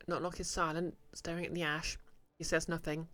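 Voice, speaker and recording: A man's voice: a little high, flat delivery, brisk, sharp tone, no room sound, faint music behind. A man streaming a game, chatting casually and jokingly while reading the game text aloud.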